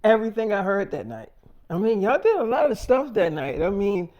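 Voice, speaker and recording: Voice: medium pitch, sing-song, brisk, lo-fi sound. A storyteller improvising a story with quoted dialogue, talking casually and rambling, and repeating the same phrases often.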